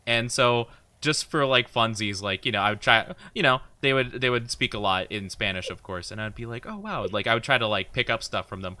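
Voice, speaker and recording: Young male streamer, bright dry voice, rambling, giggly, filler-heavy casual chat. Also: mid-range voice, brisk, clean tone, no room sound. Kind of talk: casual chat while gaming.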